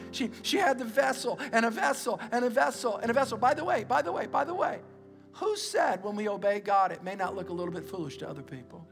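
A middle-aged male pastor giving an energetic, emphatic sermon and calling on the congregation to repeat after him. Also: extremely high pitch. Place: church auditorium. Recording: long reverb in a large hall, with music.

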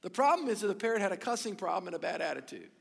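A man's voice: high voice, big pitch swings, very fast, creaky, breathy edge, big-room sound. A male pastor preaching a sermon, emphatic and repetitive, speaking to his congregation. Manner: emphatic, repetitive, stumbles and restarts, addresses congregation. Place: church sanctuary.

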